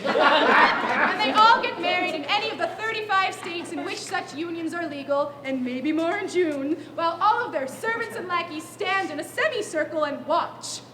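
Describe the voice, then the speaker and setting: A woman narrating a live comedy stage show in a brisk, mock-grand storytelling manner. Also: very high-pitched, a loud crowd, very noisy. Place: theater stage. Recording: roomy live stage with audience. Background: audience laughter.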